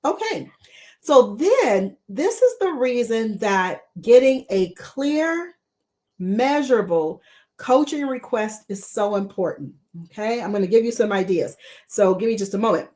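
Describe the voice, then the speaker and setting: A woman mentor coach teaching a live-streamed coaching lesson, repeating rhetorical questions to her viewers. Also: fairly high pitch.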